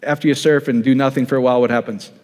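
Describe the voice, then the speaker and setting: A man's voice: medium pitch, steady tone, very fast, a little mellow, in a large hall. A man preaching a sermon, emphatic and repetitive, often restarting his sentences. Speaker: pastor.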